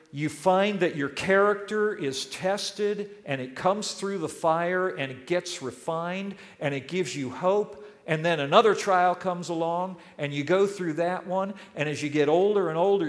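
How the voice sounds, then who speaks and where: An older man preaching a sermon as pastor, earnest and emphatic, leaning on key words with pauses. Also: fairly high pitch, fairly bright tone. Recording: long hall reverb.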